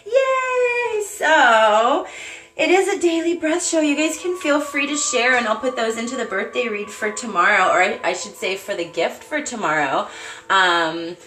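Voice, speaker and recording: A bubbly woman hosts a casual live stream from home, greeting viewers by name and cooing at her cat. Her voice sits high and swings widely. The room is echoey, with faint music underneath. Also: animated, a little slow, sharp tone.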